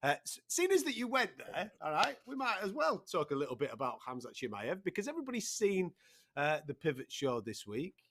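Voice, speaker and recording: A man's voice: on the high side, big pitch swings, a little fast, background noise. A man hosting a live broadcast, conversational and steering the talk, with many fillers. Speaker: host.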